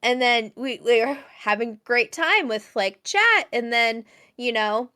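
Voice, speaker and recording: A woman's voice: a little high, expressive, unhurried, pushed and bright, clear, resonant tone. A woman co-hosting a podcast, telling a rambling story in a chatty, casual way. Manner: chatty, rambling, laughs easily. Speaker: podcast co-host.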